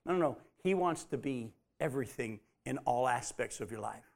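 A man's voice: medium pitch, animated, normal speed, creaky. A man teaching a Bible study, emphatic, repeating his key points and putting questions to the group.

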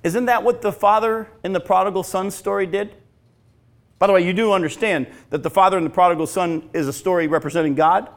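A male pastor preaching a sermon, swinging from loud emphatic lines to hushed, slow, drawn-out phrases. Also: high-pitched, steady tone.

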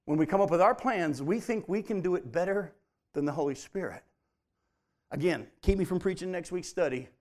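Fervent male preacher, loud then hushed. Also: high voice, fairly quick. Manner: dynamic preaching, swinging from loud emphatic peaks to hushed near-whispers. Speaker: pastor. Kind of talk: sermon.

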